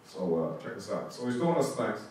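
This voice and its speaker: A man's voice: on the low side, brisk. Thirties man, casual storyteller, laughs a lot, recorded far off in a big echoing room with light hiss. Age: 30s. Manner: animated, laughs often, restarts and trails off. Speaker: guest speaker. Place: school auditorium. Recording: echoey hall, voice picked up from far off.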